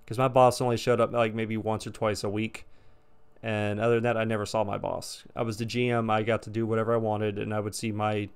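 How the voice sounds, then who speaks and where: A man telling a casual story to camera, animated and exasperated, swearing often. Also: lowish voice, brisk, clear, resonant tone. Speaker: storytime vlogger.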